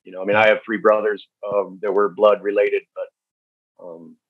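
A man speaking as a podcast guest, telling stories in a candid, halting way with many fillers. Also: fairly low pitch, little pitch movement, no room sound. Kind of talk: storytelling interview. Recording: dull, dry lo-fi recording.

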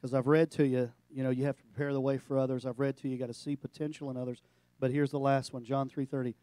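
A middle-aged male pastor giving a sermon, animated and storytelling, breaking into jokes. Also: mid-range voice, fast talker, dry recording.

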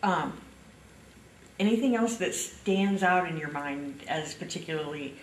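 A woman's voice: sits low, lively intonation, a little slow, reverberant, slight background noise, low-quality recording. A woman interviewing for an oral history, laughing along and answering with brief agreement.

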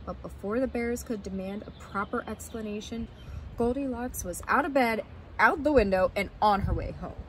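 A woman teacher reading a fairy tale aloud to children with expressive, animated storytelling. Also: mid-range voice, normal speed. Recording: noisy, with vehicle sounds.

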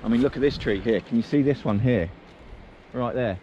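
A man's voice: medium pitch, a little fast, dark tone, highs cut off. A man chatting casually to his viewers while walking his dogs in the woods, rambling from one thought to the next, recorded on a handheld camera. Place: outdoor woodland on a windy day. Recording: wind and outdoor noise.

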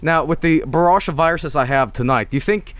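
A man's voice: a little high, fairly quick, a bit bright, soft background music. A young man streaming, chatting casually and reading viewer messages, rambling and swearing, often breaking into laughs.

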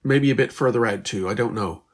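A man voicing a teenage girl from the future, anxious and stammering, in a husky voice. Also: fairly low pitch, fairly quick, lightly acted.

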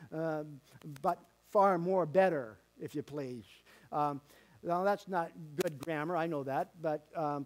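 A male pastor preaching a sermon in a church, folksy and emphatic, with many fillers and repeated words. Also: on the high side. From Canada. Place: church sanctuary.

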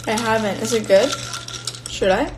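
A young Finnish woman chats casually with fans on a live stream, answering their comments while she eats. Her voice is a little high and moderately paced, heard over music in a low-quality recording made on a phone or built-in mic.

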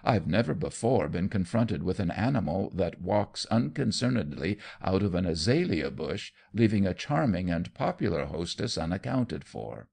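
A man's voice: sits low, sing-song, normal speed, vocal fry, hardly any pauses, a little mellow, breathy edge, exaggerated voice. A man voicing a pompous aristocratic lord who lectures loftily. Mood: lofty. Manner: lofty, lecturing.

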